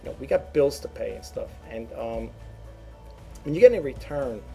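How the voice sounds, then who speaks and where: A man's voice: medium pitch, lively intonation, moderate pace, creaky, warm tone, faint music behind. A man who resells online, chatting casually to his viewers, rambling and repeating words as he goes. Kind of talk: casual talk to camera.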